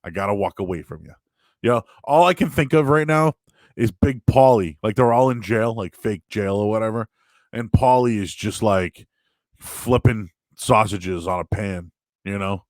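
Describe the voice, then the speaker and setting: A man hosting a show, chatting casually and answering viewer questions in a rambling, animated way with sudden loud, high bursts. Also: unhurried, dry recording. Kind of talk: casual live-stream chat.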